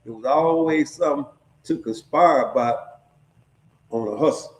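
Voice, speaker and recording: A man's voice: fairly high pitch, moderate pace. A middle-aged man casually telling a story, streetwise and profane, often checking in with his listeners. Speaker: storyteller sharing prison stories. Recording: echoey room.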